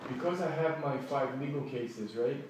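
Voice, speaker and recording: A man's voice: mid-range voice, normal speed. Agitated man telling a story in an echoey room. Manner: animated, acts out quoted dialogue, restarts often. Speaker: person recounting an incident. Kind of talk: agitated first-person storytelling. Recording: echoey room, distant mic, faint noise.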